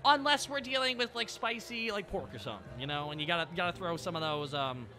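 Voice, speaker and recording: Male streamer, slightly high, very expressive, jokey chat, music bed. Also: quick pace. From Canada. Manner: animated, joking, riffs with chat. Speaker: VTuber streamer. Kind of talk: casual live-stream chat.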